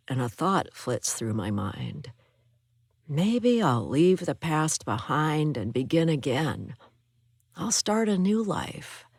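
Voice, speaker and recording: A woman narrating an audiobook thriller in a low voice and an unhurried, measured manner. It is recorded close on a studio mic, dry and clean, with no room sound. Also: dry recording. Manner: measured, even storytelling. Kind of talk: scripted first-person narration.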